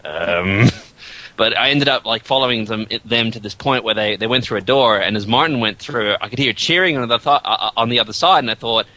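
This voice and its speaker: A man's voice: lowish voice, brisk, sharp tone. A man from Australia, chatting casually and telling a story with lots of stammers and fillers. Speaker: guest animator. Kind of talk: casual group chat.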